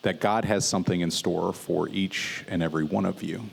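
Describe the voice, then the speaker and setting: A man with a fairly low voice preaches a sermon at a church service. His delivery is conversational and easygoing, with casual fillers and light humor as he teaches. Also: steady tone, normal speed, gravelly, husky. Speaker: pastor.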